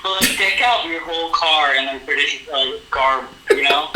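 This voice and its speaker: A man's voice: on the high side, moderate pace, bright, forceful tone, reverberant, a little hiss or hum, low-quality recording. A man co-hosting a casual chat, joking and telling stories. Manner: joking, storytelling, laughs often.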